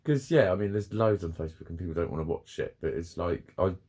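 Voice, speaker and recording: A man's voice: low-pitched, animated, quick pace, a little mellow. A man venting in a rambling, sweary, self-critical vlog. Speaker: vlogger. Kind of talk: casual confessional vlog.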